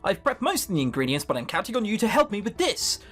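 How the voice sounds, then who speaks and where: A man's voice: high-pitched, very animated, quick pace, fairly bright tone, soft background music, voice pushed up, full character voice. A man voicing a polite, composed young man in a game, his phrasing courteous and formal.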